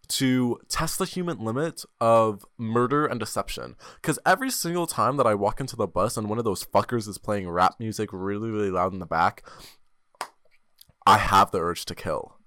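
Speaking at a moderate pace in a fairly low, animated, slightly bright voice, a seventeen-year-old boy runs his own podcast, wandering through self-mocking jokes. He's on a desk microphone, and the sound is dry and clean, like a studio.

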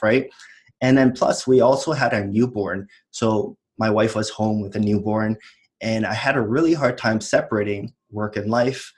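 A man in his thirties, an entrepreneur as guest, talking casually and reflectively, with frequent small laughs. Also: on the low side. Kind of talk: casual chat.

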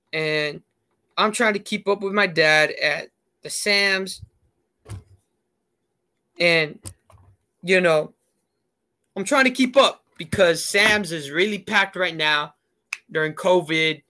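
A man's voice: high voice, bright, forceful tone. A man telling a rambling story in a casual chat, heavy on fillers.

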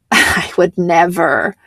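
A woman's voice: on the low side, drawn-out words, fairly bright tone, dry recording. A woman hosting a casual podcast, rambling through a show recap, laughing often and swearing casually. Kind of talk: casual chat.

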